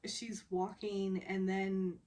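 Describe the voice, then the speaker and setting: A woman's voice: medium pitch, level tone, takes it slowly, mellow. A young adult woman casually recapping a TV drama episode, laughing often as she quotes the characters' lines. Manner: giggly, retells scenes by quoting characters.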